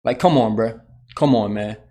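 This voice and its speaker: A man's voice: lowish voice, normal speed, mellow. A man hosting a sports channel, ranting heatedly as a fan and swearing often, repeating his points. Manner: heated, profane, repetitive ranting. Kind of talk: solo fan rant.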